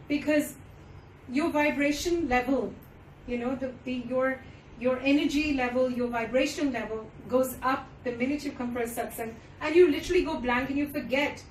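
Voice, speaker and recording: A woman's voice: sits high, a little hiss or hum. A woman giving an earnest devotional talk at a gathering, speaking mostly English with phrases in Hindi and Punjabi. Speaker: satsang speaker. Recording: roomy, distant audience recording.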